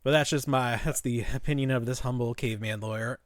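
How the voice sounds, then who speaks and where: A man's voice: mid-range voice, a little fast, dry recording. A man co-hosting a podcast, chatting casually and joking. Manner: animated, jokey, riffing. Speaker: podcast co-host. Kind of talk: casual chat.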